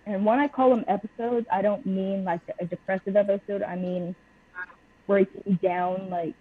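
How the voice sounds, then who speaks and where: A woman's voice: mid-range voice, husky. A young woman speaking bluntly and openly as a guest on a personal interview podcast. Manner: blunt and open. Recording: tinny phone-line audio.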